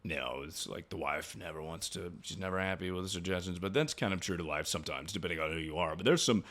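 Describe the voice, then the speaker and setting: A man's voice: sits low, quick pace, fairly bright tone. A young man streaming, riffing on viewer stories in crude, rambling casual chat. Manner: rambling, joking, trails off into mumbles.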